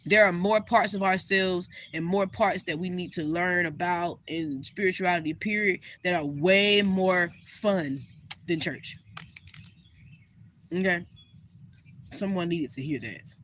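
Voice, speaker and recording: A woman giving a casual astrology reading. She talks straight to her viewers in a sassy, animated way and swears freely. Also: on the low side, measured pace, a little hiss or hum. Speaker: astrologer and spiritual reader.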